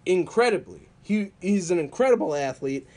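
A man casually telling wrestling stories on a podcast, animated and laughing often. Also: sits high, moderate pace. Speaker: podcast co-host.

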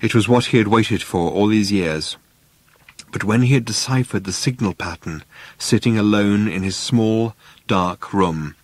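A man reading an audiobook aloud in a measured, dry storytelling manner. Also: on the low side, no room sound. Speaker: narrator. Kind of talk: audiobook narration.

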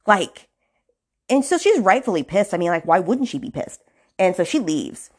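Chatty low-voiced woman recapping a book. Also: sing-song, normal speed. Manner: chatty, filler-heavy retelling; indignant asides. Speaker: podcast host.

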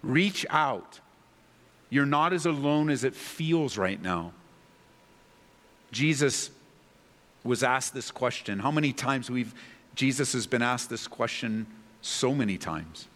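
A man's voice: medium pitch, lively intonation, takes it slowly, pauses often, fairly bright tone, long reverb tail. A man preaching a sermon as a pastor, earnest and pleading, building to impassioned peaks.

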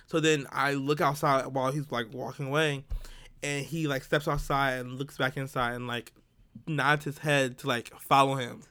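A man co-hosting a podcast uses a clear, resonant, medium-pitched voice at a moderate pace to tell a story casually. He's animated, laughs a good deal, and acts out what others said.

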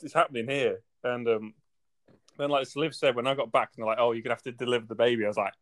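A man, a podcast guest telling his side in casual chat, loose and quick with "sort of thing". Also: mid-range voice, steady tone. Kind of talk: casual storytelling.

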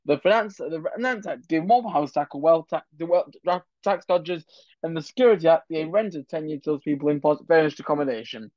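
A man puts on a self-satisfied middle-aged prime minister reading out his list of achievements. The voice sits a bit high and trips over the words as it goes. The recording is dull and dry. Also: fast, a little mellow, dry recording, natural voice. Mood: boastful. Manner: listing, stumbling over the words.

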